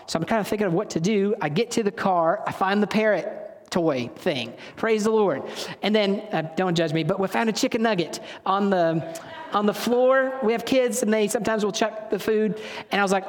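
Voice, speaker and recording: A man's voice: high-pitched, a little fast. A man preaching a sermon in a casual, storytelling way, often stopping to correct himself. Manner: conversational, storytelling, self-correcting. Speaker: pastor. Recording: long reverb of a hall.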